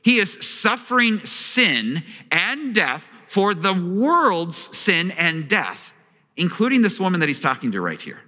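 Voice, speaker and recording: Animated male preacher in a reverberant hall. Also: high-pitched, measured pace. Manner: asks the congregation questions. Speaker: pastor. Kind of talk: sermon. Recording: long reverb of a large hall.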